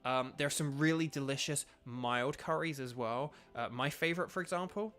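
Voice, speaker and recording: At normal speed and medium pitch, a young British man talks chattily while streaming a video game, rambling with plenty of fillers. He works as a streamer and voice actor, and his voice is a bit bright.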